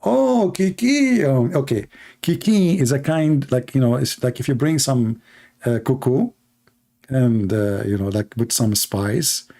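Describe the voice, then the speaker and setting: Sarcastic guy joking around on a stream, mellow dark voice, middle pitch. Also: a little slow. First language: Arabic. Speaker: debate streamer. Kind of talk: mocking live-stream commentary.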